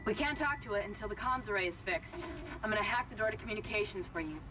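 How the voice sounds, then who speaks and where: An actress playing a female ship technician who gives brisk, businesslike instructions over the comms in a video game. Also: medium pitch, expressive, natural voice. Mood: urgent. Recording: distant noisy game audio.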